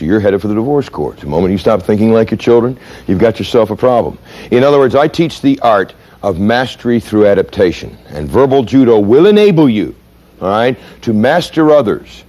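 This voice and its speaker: A middle-aged man giving a seminar lecture, telling stories and acting out voices and sounds to make his points. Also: on the low side. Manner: animated, dramatic storyteller, mimics voices and sounds. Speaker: seminar speaker. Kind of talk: lecture with acted examples.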